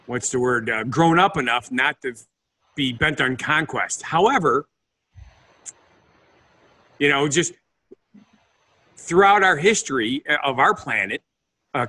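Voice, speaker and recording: A man co-hosting a podcast, explaining things in a casual chat and sometimes reading out facts, now and then pausing to search for words. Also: medium pitch, sharp tone. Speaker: podcast co-host.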